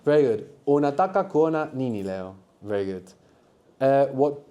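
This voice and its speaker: A man's voice: mid-range voice, lively intonation, moderate pace, dark tone. A man teaching a live language workshop to university students, patiently prompting them with questions and answers. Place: lecture room at a university.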